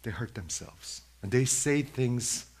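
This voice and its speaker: A man's voice: medium pitch, animated, slow pace, a little mellow, slightly rough. A man preaching a sermon who questions his listeners directly and repeats his points for emphasis.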